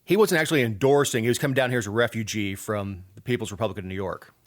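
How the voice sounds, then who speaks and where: A man's voice: on the low side, fast. A man, co-hosting a casual political podcast with wry, rambling sarcasm. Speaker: podcast co-host.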